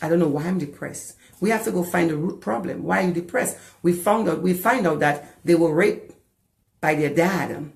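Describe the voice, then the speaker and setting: A woman's voice: lowish voice, normal speed, creaky, echoey room. A woman from the Caribbean preaching a sermon as a pastor, passionate and repeating phrases for emphasis. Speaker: pastor and deliverance minister.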